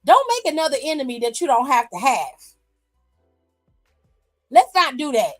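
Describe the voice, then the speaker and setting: A woman hosts a wrestling aftershow with a high voice, ranting bluntly and swearing freely. Her voice is close and dry on a streaming mic, and faint music plays behind her. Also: normal speed, no echo, poor audio. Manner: blunt, profane, animated ranting. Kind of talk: casual commentary. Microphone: streaming microphone.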